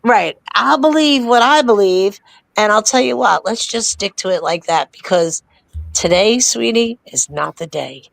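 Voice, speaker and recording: A woman's voice: mid-range voice, expressive, measured pace, vocal fry, dry recording. Woman co-host, casual political chat, emphatic storyteller, close dry sound. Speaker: podcast co-host.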